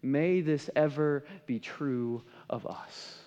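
A man preaching a sermon as pastor, swinging between impassioned emphasis and hushed, softened passages. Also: fairly high pitch, takes it slowly. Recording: dull sound with long hall reverb.

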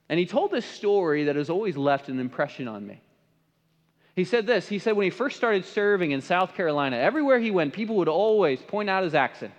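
A man preaching a sermon as pastor, swinging between impassioned emphasis and hushed, softened passages. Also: fairly high pitch. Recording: dull sound with long hall reverb.

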